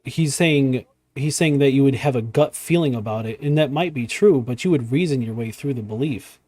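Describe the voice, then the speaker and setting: A man with a mellow, warm tone hosts a loose, casual talk show. He rambles, trailing off and restarting as he reacts. The sound is dry and close. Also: medium pitch, moderate pace, no room sound. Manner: rambling, many fillers and restarts. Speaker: podcast host.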